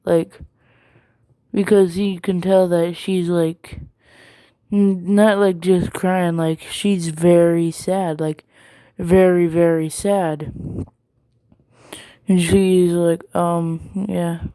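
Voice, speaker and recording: A woman's voice: lowish voice, level tone, drawn-out words, pauses often, warm tone, no room sound. A woman casually retelling a fan story, rambling with many ums and likes.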